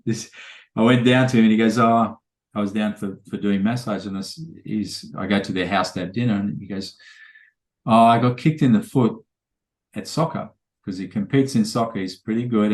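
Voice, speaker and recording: A man's voice: fairly low pitch, a little mellow, echoey room. A man, a trainer telling rambling anecdotes full of quoted dialogue in a casual podcast interview.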